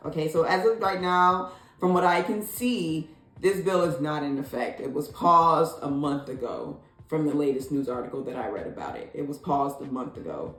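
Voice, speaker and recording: Sassy woman vlogger in an echoey room. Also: normal speed. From Illinois. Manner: sassy, expressive, jumps high in pitch when incredulous. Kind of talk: casual opinion commentary. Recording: echoey room, faint music.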